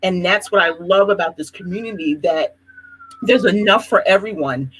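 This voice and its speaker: Husky Philly woman telling stories. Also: lowish voice, moderate pace, poor audio. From Philadelphia. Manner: animated storytelling, laughs often. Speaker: host. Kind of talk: casual live chat.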